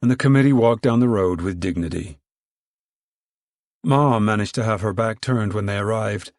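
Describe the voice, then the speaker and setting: A man's voice: lowish voice, normal speed, darkish tone, dry recording, clean studio sound. Man reading a novel aloud. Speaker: audiobook reader. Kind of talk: scripted narration.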